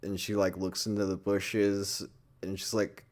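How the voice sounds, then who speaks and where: A man's voice: deep voice, level tone, unhurried, a little mellow. A man giving a casual, rambling movie review, full of swearing and filler words.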